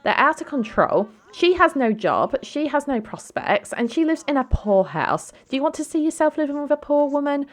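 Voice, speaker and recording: A woman's voice: low voice, normal speed, close to an everyday voice. A woman voicing a snobbish young woman, who talks in a sneering, disdainful way. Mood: scornful. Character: snobbish young woman, scornful about money.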